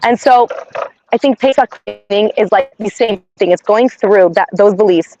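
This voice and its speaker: A woman's voice: mid-range voice, moderate pace, a little mellow, dull audio. A woman giving an inspirational class in a conversational way, often adding "like" and "right?". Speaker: class teacher.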